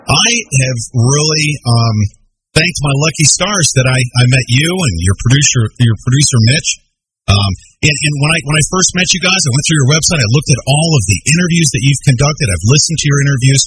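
A man's voice: medium pitch, animated, fairly quick, a bit bright, poor audio. A man hosting a talk radio show, interviewing a guest, often repeating words as he talks and giving out the call-in number.

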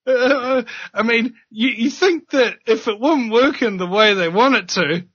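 A man hosting a casual conversation, sarcastic, laughing often, and animated. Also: very high-pitched, unhurried, dry recording. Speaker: host. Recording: dull, dry lo-fi audio.

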